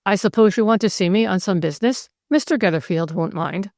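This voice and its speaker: A woman's voice: mid-range voice, brisk, darkish tone, no echo, studio quality, natural voice. A woman voicing a genteel older male country vicar who speaks earnestly and exclaims easily. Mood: fussy.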